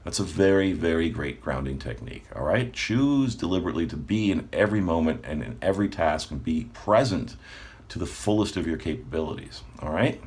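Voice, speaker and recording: Deep-voiced man coaching casually. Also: a little fast. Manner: relaxed, conversational, frequent "right?" check-ins, laughs often. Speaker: manifestation coach. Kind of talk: casual talk to camera.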